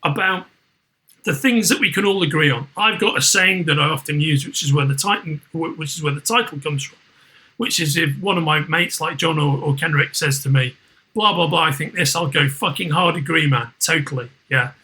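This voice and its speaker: A man's voice: fairly high pitch, a little fast, sharp tone, poor audio. A middle-aged man with a Liverpool accent, hosting a casual podcast chat, rambling with many restarts and swearing freely. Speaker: podcast host.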